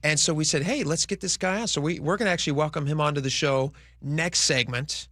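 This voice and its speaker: A man co-hosting a radio talk show chats casually, rambling and restarting his thoughts as he goes. His voice is fairly high and sharp, and he talks fairly quickly. It's a dry, studio-quality recording made on a studio microphone in a radio studio.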